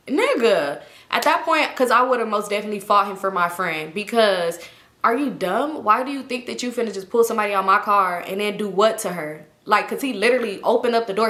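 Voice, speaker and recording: Animated slangy young woman telling a story. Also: mid-range voice. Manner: animated, slangy, acts out quoted voices. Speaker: vlogger. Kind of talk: casual storytime vlog. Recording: echoey room.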